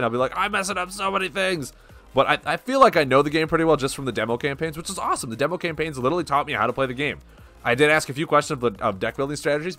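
A man's voice: medium pitch, sharp tone. A young man chatting casually on a live stream as he opens card packs and reads the card names aloud.

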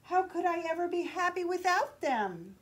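A woman's voice: very high-pitched, big pitch swings, normal speed, pitched above the performer's own voice. A woman doing a proud, vain rainbow fish. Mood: self-pitying. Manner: haughty, sharp when crossed.

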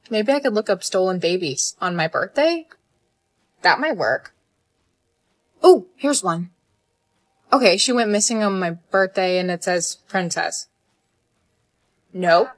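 A young woman acting in comedy skits, sassy and expressive. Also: on the low side. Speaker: lead in skits.

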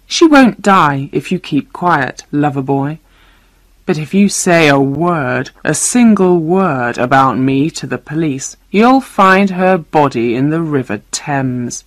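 A woman reading a storybook voices a female terrorist who speaks softly and cruelly. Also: deep voice, expressive, takes it slowly, dry recording. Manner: soft and cruel.

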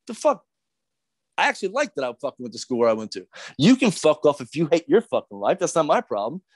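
A man's voice: a little high, very animated, quick pace, breathy edge, no room sound. Profane, agitated man ranting on a podcast. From Philadelphia. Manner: profane, agitated, rambling with many restarts. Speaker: podcast guest. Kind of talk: heated podcast rant.

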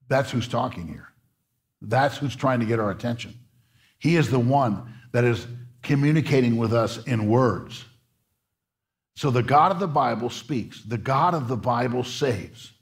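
A male pastor preaching a sermon in a church, earnest, repeating his words and rising as he presses his points. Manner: earnest preaching, repeats words, rises in pitch when stirred. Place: church sanctuary.

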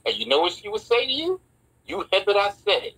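Uomo animato, voce alta e roca. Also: male voice, sits high, husky, low-quality recording. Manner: animated, quick bursts, acts out quotes. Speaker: podcast co-host. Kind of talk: casual chat.

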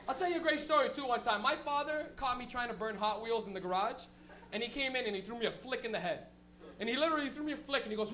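A man performing stand-up comedy on a live club stage as the show's host. He talks in an animated, profane way, laughing often and shouting for effect. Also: very high voice, very fast.

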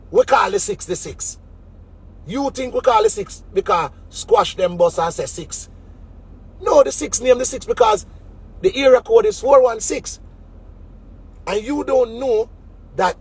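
A man with a Jamaican accent and a high-sitting, slightly mellow, husky voice is a DJ ranting comically on a web show. He mocks people casually and slips into sneering quoted voices.

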